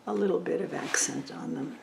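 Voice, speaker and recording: Gravelly-voiced woman talking softly while painting. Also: lowish voice, a little fast, reverberant, slight background noise, low-quality recording. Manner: soft-spoken, thinking aloud, often trailing into a near whisper. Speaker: painting instructor. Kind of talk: casual tutorial narration while painting.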